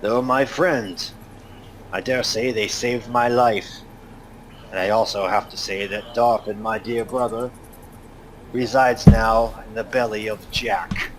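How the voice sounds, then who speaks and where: A man voicing an excitable male dwarf who shouts and calls out boastfully. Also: on the low side, slow, a little hiss or hum. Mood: solemn. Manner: shouting, calling across a distance.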